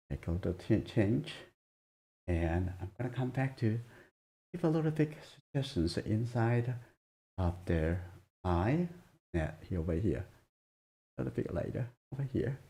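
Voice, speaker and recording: Soft-spoken gravelly drawing teacher. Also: male voice, lowish voice. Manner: soft-spoken, halting, murmurs while drawing. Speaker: drawing instructor. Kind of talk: live drawing demonstration.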